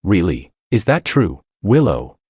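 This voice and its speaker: A man's voice: deep voice, big pitch swings, measured pace, darkish tone, husky, no room sound, studio quality, heavily acted. A man reading an eager older mother.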